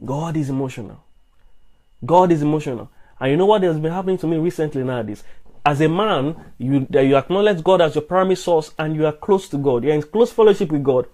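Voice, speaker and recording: Male preacher, earnest and repetitive, slightly raised pitch, streamed sermon. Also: darkish tone. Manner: earnest, repetitive, stammering restarts.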